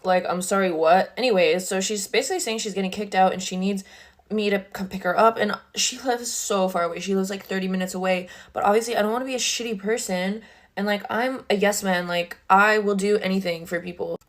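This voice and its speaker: A young woman sits at her bedroom makeup table and tells a story in a chatty, exasperated way. Her talk is loose and full of filler words, with a voice of ordinary medium pitch. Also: steady tone, fairly quick. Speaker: social media creator. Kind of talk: casual storytime vlog.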